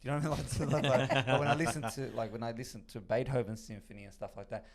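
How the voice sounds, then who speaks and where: A man with a hoarse voice from shouting, chatting casually on a podcast, rambling and swearing. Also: mid-range voice, steady tone, racing, a crowd in the background. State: hoarse, lost voice. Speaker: podcast co-host. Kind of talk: casual chat.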